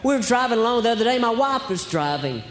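A man performs stand-up, spinning wry stories and musing rhetorical questions in a high voice. He is captured on a live stage, with a long, roomy hall echo around him and a faint hiss underneath. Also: very animated, quick pace. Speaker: stand-up comedian. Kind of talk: stand-up comedy routine. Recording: echoey hall, faint background noise.

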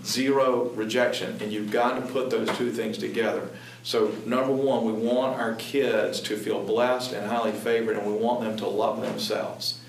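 Earnest low-voiced man in an echoey room. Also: flat delivery, vocal fry. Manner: earnest, emphatic, halting. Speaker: parent speaking on Christian parenting. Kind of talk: conversational talk. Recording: echoey room, distant mic, background noise.

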